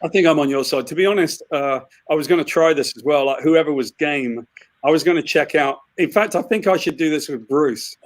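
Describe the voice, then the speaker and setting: A British man tells stories in a lively, chuckling way over a video call. He is a comic book writer chatting with friends, and his voice sits a little high. The sound is dry and close. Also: a little fast, no echo. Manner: animated anecdote-telling, chuckling. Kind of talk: casual video-call chat.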